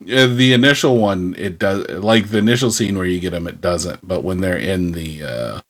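A man co-hosting a casual podcast chat, animated and swearing casually. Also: sits low, normal speed. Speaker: podcast co-host.

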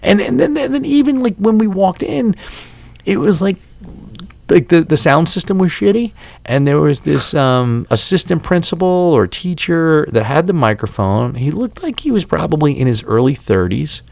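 Gravelly, swearing podcast host. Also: male voice, on the high side, big pitch swings, normal speed, a little mellow, no echo. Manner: profane, exasperated storytelling. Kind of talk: casual podcast rant.

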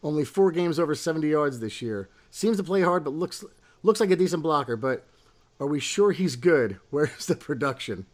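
A man's voice: fairly high pitch, expressive, normal speed. Chatty man reading listener questions. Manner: chatty, reads listener questions aloud, laughs often. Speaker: podcast co-host. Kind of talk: casual sports talk.

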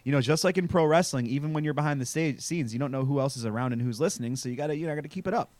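This man's slightly high, somewhat mellow voice races along very fast in a recording with no echo. Hosting a podcast, he recaps a TV episode through loose, profane, jokey talk full of fillers.

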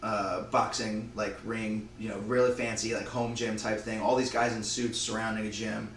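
Man, low voice, casual rambling storyteller who slips into character voices; echoey room, distant mic, faint hum. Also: little pitch movement, a bit bright. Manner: rambling, acts out lines in quick voices. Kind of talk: casual retelling of a made-up movie plot.

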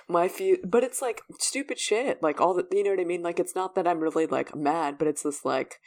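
A woman's voice: lowish voice, normal speed, darkish tone. A woman co-hosting a podcast, chatty and laughing often in a casual chat full of "like" fillers. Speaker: podcast co-host.

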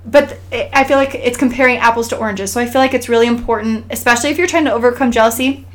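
A woman's voice: fairly high pitch, fast. A woman from Idaho co-hosting a podcast, talking earnestly and encouragingly in casual chat, with many restarts and fillers. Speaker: podcast co-host.

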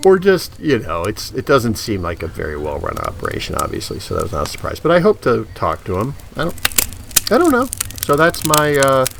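Animated man telling a story. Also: medium pitch, a little fast, gravelly, background noise. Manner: animated, acts out the dialogue. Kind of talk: casual storytelling.

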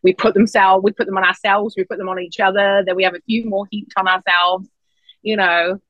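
A woman chats casually on a podcast and tells her stories with energy, jumping up into a high voice whenever she quotes someone. The recording is dry and a little dull, with no room sound. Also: brisk, dry recording. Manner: animated storyteller, acts out quotes in a high voice.

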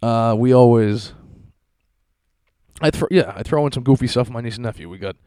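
A man in his thirties hosts a solo podcast from his basement at home, rambling through stories in a profane, self-mocking way. His mid-range voice is dark, clear, and resonant, and he speaks a little fast. There's no echo.

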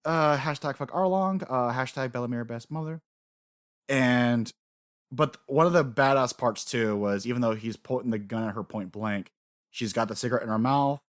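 A man co-hosting a casual podcast, excitedly recapping story events, swearing freely and acting out lines. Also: medium pitch, moderate pace, no room sound, studio quality. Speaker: podcast co-host. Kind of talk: casual anime recap chat.

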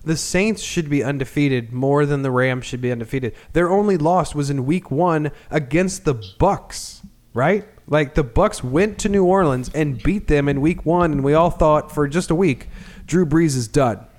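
A man hosting a casual sports podcast, excitable and swearing freely as he talks. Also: a little high, normal speed. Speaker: podcast host.

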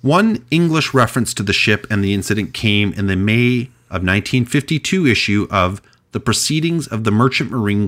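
A man hosting a podcast, telling a mystery story in a casual, chatty way with animated delivery and frequent restarts. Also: on the low side. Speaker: podcast host.

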